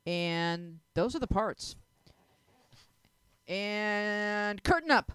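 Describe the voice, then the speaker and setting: A woman's voice: medium pitch, animated, drawn-out words, a bit bright, clear, resonant tone, no room sound. Playful woman hosting a panel show. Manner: playful, laughs often, runs the game. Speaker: talk show host.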